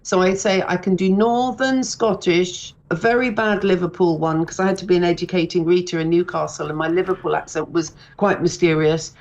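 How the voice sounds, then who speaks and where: A woman's voice: fairly low pitch, fairly even intonation, a little fast, few pauses, a little mellow. Woman in her sixties, chatty, rambling, self-mocking, slightly dull radio sound. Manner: chatty, rambling, self-deprecating, many restarts. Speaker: comedian and author, radio guest. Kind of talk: casual radio interview.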